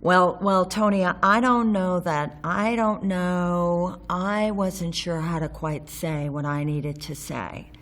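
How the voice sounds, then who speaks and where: A woman with a notably low speaking voice recounts her own story for an interview. She talks candidly, with a wry, sometimes sarcastic edge. Her telling is loose and unscripted, full of ums and small restarts as she remembers. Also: steady tone, slow, hardly any pauses, a bit bright. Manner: frequent ums and self-restarts while recalling. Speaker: interviewee recalling local history.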